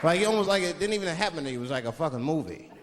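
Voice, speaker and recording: A man performing an animated, profane stand-up comedy routine on a large stage, acting out voices. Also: on the high side, very fast, heavy background noise. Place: large theater stage with live audience. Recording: reverberant hall, loud crowd laughter.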